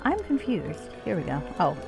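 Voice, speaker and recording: A woman streamer gives loose, sweary, self-mocking commentary while she plays. Her voice sits fairly low but moves around a lot in pitch. Soft game music plays in the background. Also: big pitch swings, normal speed, vocal fry. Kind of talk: casual gameplay commentary. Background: faint game music.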